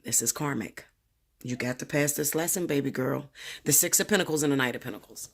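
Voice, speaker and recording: A woman giving a casual tarot reading, talking bluntly and profanely with animated storytelling. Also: extremely low pitch, fairly quick, breathy edge. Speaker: tarot reader.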